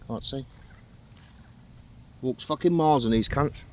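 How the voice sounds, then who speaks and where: A man's voice: mid-range voice, a little slow, noisy background. A middle-aged man vlogging outdoors by a river, talking in a blunt, sweary, rambling way. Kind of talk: casual outdoor vlog rant.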